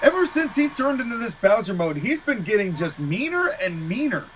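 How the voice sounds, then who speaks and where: A man calling a match play-by-play in casual style, excitable, laughing easily and exclaiming at big moves. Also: sits high, moderate pace, a little hiss or hum, low-quality recording. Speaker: play-by-play commentator.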